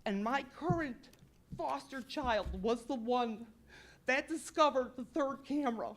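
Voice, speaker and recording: A woman's voice: sits high, measured pace. A woman speaking at public comment in a village council meeting, upset and insistent, apologizing for her emotion while pressing her complaint.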